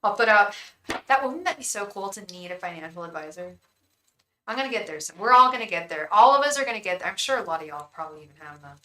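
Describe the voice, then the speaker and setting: A woman with a mid-range voice talks fast and animatedly in a pushed, bright tone, on a low-quality recording with slight hiss or hum. Reading tarot on a casual live stream, she rambles, speaks to viewers by name, and says things like "girl" and "hun." She murmurs a repeated invocation as she shuffles.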